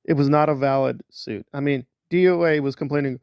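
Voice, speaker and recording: A man's voice: mid-range voice, fairly even intonation, brisk, vocal fry, few pauses, a little mellow, clear, resonant tone, no echo, clean studio sound. A man doing sarcastic, mocking online commentary as a vlogger.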